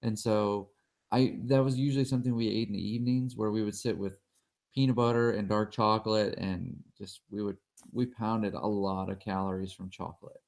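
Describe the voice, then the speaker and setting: A man as an interview guest, telling stories in a relaxed, animated way. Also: on the low side, normal speed, vocal fry. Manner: relaxed storyteller, animated when quoting. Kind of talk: casual interview storytelling.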